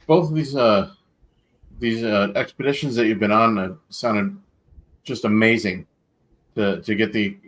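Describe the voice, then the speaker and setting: Halting low-voiced man co-hosting. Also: a bit bright, poor audio. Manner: halting, searching for words. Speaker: podcast co-host. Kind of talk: casual interview.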